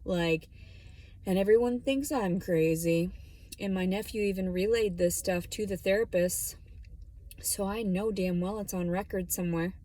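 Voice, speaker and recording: A woman's voice: mid-range voice, moderate pace, warm tone, no room sound. A woman vlogging from her parked car, talking bluntly and rambling, with plenty of swearing. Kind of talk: casual vlog monologue. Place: parked car in a store lot.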